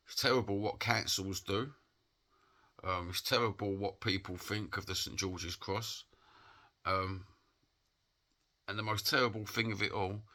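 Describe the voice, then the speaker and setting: This vlogger is an Englishman with a Cockney accent, his voice sitting low with a sharp tone. He delivers an impassioned, rambling opinion monologue in plain-spoken terms.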